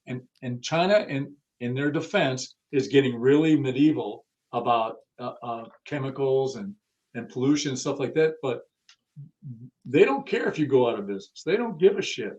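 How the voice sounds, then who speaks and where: Here the man sounds animated and a little mellow, with a mid-range voice at normal speed on a lo-fi recording. Asked about car audio, he answers bluntly and casually, throws in some curses, and acts out what others said.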